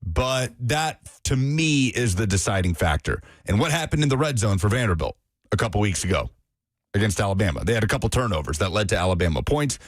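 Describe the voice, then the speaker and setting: A man's voice: fairly low pitch, very animated, brisk, no room sound, clean studio sound. A man co-hosting a sports radio show, breaking down a game in casual talk with frequent fillers. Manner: analytical, hedging with fillers.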